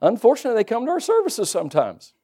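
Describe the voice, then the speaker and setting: A man's voice: very high voice, wildly swooping pitch, rapid-fire, dark tone. A middle-aged man preaching a sermon as pastor, folksy and joking asides to the congregation.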